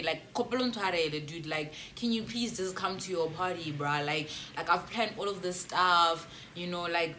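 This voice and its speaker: A young South African woman telling a storytime vlog, animated and laughing, slipping between English and local slang. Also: lowish voice, moderate pace, hardly any pauses, slight background noise. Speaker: YouTuber.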